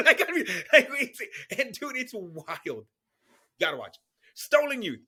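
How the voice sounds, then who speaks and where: A high, bright-voiced man in his thirties chats on a podcast. He swings widely in pitch, swears freely and breaks into laughter as he talks. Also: measured pace, slightly rough. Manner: animated, swears often, laughs a lot. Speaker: podcast co-host. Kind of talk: casual chat.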